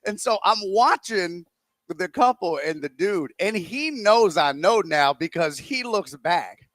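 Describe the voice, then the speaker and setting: A male radio co-host with a high voice that leaps up and down, spinning a rambling story and acting out every quote. He sounds close and dry on a studio mic, with no room sound at all. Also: measured pace, no room sound. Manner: animated, rambling anecdote told with acted-out quotes. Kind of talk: casual storytelling on sports talk radio.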